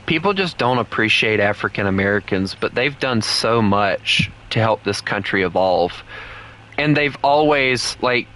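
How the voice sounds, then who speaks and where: The Southern-accented game streamer speaks unhurriedly in a lowish, sharp voice with lively intonation, though the audio is poor. His casual live chat rambles along, blunt and opinionated, breaking into heated rants.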